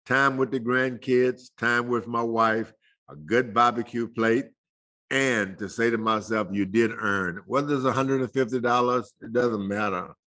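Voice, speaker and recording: Older male guest, folksy chuckling storyteller, bright forceful tone. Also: mid-range voice, fairly even intonation, measured pace. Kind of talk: casual storytelling interview.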